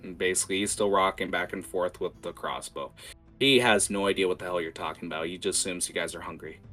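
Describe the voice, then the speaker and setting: A man's voice: low-pitched, fast, bright, forceful tone, soft background music. A man narrating a tabletop game as game master, rambling with many fillers.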